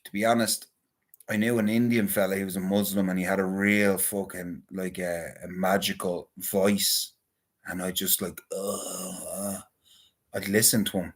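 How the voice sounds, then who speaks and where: A man's voice: low voice, flat delivery, measured pace. A man in a casual, rambling monologue, talking crudely and swearing often. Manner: crude, profane, rambling banter. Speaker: vlogger.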